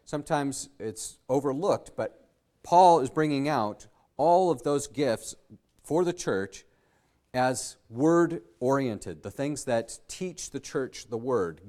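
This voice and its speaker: A man preaching from the pulpit in an earnest, teaching manner. His voice sits at an ordinary middle pitch, and he often stalls on fillers and restarts before pressing his points home with emphasis. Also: expressive, warm tone. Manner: halting with frequent fillers and restarts. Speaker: pastor. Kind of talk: sermon.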